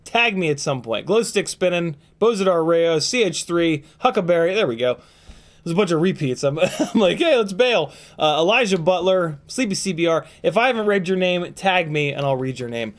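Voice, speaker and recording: A man's voice: a little high, expressive, moderate pace. A man hosting a casual live stream, rambling and joking as he reads out viewer names, his voice tired and strained. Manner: rambling, playful, swearing, frequent ums and throat clearing. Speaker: livestream host.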